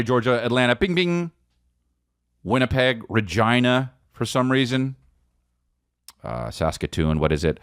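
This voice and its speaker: A rambling, jokey man in his forties chats through a casual solo comedy podcast. His pitch swings widely as he riffs, and now and then he slides into off-key singing. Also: clear, resonant tone, dry recording, studio quality.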